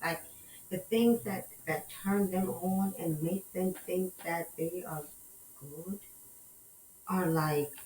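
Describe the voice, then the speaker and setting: Woman podcast guest, lowish voice, soft and halting, faint background noise. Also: steady tone, echoey room, distant mic, rough recording. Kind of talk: casual podcast chat.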